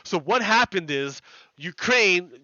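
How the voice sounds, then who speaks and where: Man ranting heatedly, bright high voice. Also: lively intonation, takes it slowly, dry recording, dull audio. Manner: heated, repetitive, swears. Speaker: video game streamer commenting on news. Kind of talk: casual rambling commentary.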